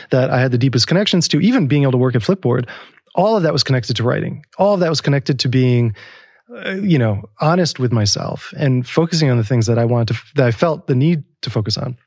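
Gravelly-voiced man telling a rambling story. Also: medium pitch, a little mellow, no echo. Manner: rambling, self-interrupting, laughs often. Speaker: podcast guest. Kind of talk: casual storytelling conversation.

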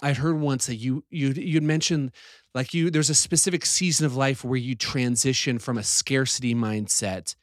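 A man's voice: mid-range voice, moderate pace, no echo, clean studio sound. A man hosting a podcast, talking candidly and self-deprecatingly with lots of casual fillers. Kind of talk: casual conversation.

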